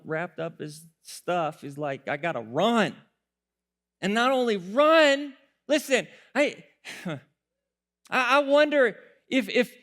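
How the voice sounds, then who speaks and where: A male pastor preaching a sermon, telling the story with animated voices, laughter and occasional shouts. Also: very high-pitched.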